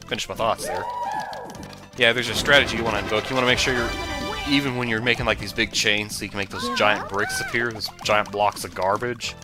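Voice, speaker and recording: A man's voice: fairly low pitch, fairly even intonation, brisk. A man giving casual, rambling let's play commentary that drifts into tangents. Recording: game music behind the voice.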